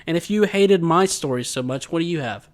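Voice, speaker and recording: A man's voice: on the high side, expressive, brisk. A man co-hosting a casual podcast, telling long rambling stories and laughing often. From Georgia, USA. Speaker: podcast co-host. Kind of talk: casual chat.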